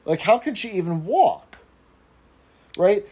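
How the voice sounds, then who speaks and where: A man's voice: high voice, very animated, slow, warm tone, husky. A man hosting a podcast in casual chat, walking through a TV episode with asides and rhetorical questions. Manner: recaps with asides, rhetorical "right?". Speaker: podcast host recapping a TV episode.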